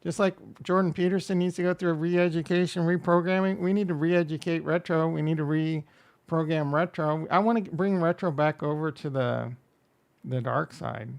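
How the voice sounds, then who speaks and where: A man's voice: on the high side, fairly even intonation, normal speed, gravelly, clear, resonant tone. A man hosting a casual crypto livestream, rambling and joking as he reacts to chat and runs through coin prices. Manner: rambling, jokey, self-deprecating, reads chat aloud.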